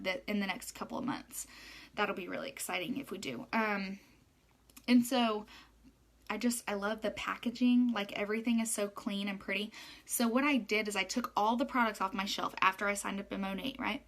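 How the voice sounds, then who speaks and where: A young woman who works as a hairstylist chats to her viewers in a loose, rambling way. She fills her talk with "um" and "like", and her voice sits at an ordinary middle pitch. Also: fairly bright tone. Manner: chatty, rambling storytelling with many fillers.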